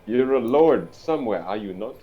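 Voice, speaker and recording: A man's voice: medium pitch, lively intonation, moderate pace, highs cut off. A man playing a tabletop game, blunt and joking. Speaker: player.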